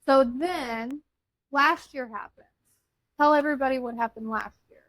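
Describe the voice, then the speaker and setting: Middle-aged woman podcast host, high bright voice, chatty storyteller, dry close sound. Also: a little slow, no echo, rough recording. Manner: chatty, teasing, retells stories with quoted dialogue. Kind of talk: casual chat.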